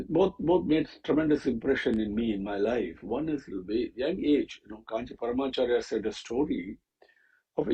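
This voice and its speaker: A man teaching the meaning of a Sanskrit hymn, pausing often with fillers and restarts. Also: mid-range voice, creaky, dark tone, breathy edge, highs cut off. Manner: halting, with many fillers and restarts. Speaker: scripture teacher. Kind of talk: explaining a Sanskrit hymn with stories.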